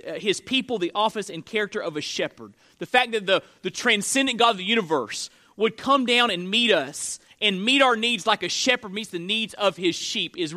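A pastor in his forties delivers an earnest sermon in a high, bright voice. He circles back to repeat key phrases and restarts sentences as he goes. His tone stays close and sincere, like teaching a congregation.

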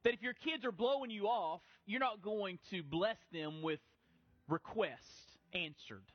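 A middle-aged pastor with a notably high voice preaches in a relaxed, conversational way, stumbling over and restarting his words as he goes. The sound is dry and a little dull. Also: measured pace, no echo. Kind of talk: sermon.

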